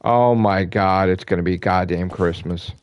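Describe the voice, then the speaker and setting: A man with a lowish voice rants as an excited fan, swearing freely and hammering the same phrases again and again. The sound is dry and close, with no room echo. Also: measured pace, smooth, dull audio. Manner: emphatic, profane, repeats himself. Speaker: gaming channel host. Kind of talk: excited fan rant to camera.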